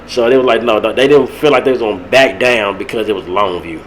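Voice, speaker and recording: A young man, hosting a podcast and rambling about a local high school football game. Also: a little fast, a little hiss or hum, low-quality recording. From Texas. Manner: rambling, animated, laughs at his own stories. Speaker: podcast host. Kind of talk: casual sports talk.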